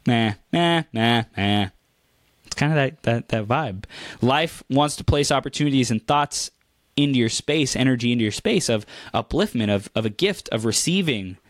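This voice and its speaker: A man's voice: expressive, normal speed, no echo, studio quality. A man giving a motivational talk, upbeat and repetitive, often stumbling over and repeating words, laughing at his own jokes. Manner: acts out quoted reactions in a higher voice. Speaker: motivational speaker. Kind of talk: motivational monologue to camera.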